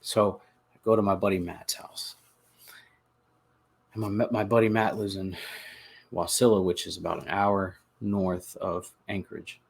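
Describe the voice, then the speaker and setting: Man, podcast host, husky gravelly voice, earnest halting confessional delivery. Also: sits low, little pitch movement. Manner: earnest, halting, with repeated words and restarts. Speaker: podcast host telling his recovery story. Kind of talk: confessional personal narration.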